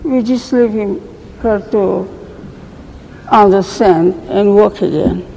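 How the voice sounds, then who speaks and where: An older woman recounting her past slowly in a gravelly, mellow voice. Her English is halting and broken, full of false starts. The recording has a long reverb and a faint background hiss. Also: mid-range voice. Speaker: survivor giving testimony. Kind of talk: oral history recollection.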